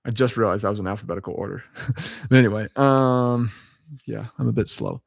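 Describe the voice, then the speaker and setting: A man's voice: on the low side, a little fast, gravelly, no echo. A man in a casual vlog reading dictionary abbreviations aloud letter by letter. He chuckles often, corrects himself and drifts into rambling asides. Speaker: vlogger.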